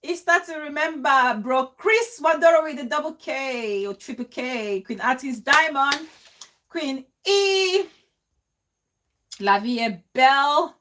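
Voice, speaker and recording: A woman's voice: high-pitched, moderate pace, few pauses, a bit bright. A woman hosting a casual live stream, emotional and pleading as she calls out names of viewers.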